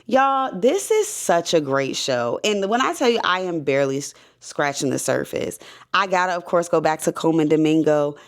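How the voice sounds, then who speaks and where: A woman's voice: low-pitched, animated, normal speed. A woman reviewing a TV series in a casual, enthusiastic way, chatting to viewers. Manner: enthusiastic, chatty, addresses viewers as y'all and baby. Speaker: show review vlogger.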